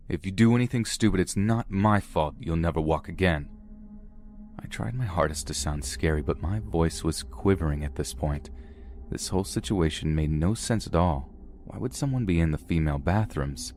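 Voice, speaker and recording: A man reading a first-person horror story in a steady, measured way. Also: very deep voice, slight background noise. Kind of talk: scripted first-person narration.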